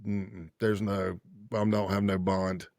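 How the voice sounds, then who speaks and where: A man's voice: deep voice, slow pace, creaky, no echo, studio quality. A man in his fifties, a former undercover agent, telling stories casually in an interview and acting out dialogue in different voices. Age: 50s. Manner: acts out quoted dialogue in lively voices; loose, rambling, self-correcting speech.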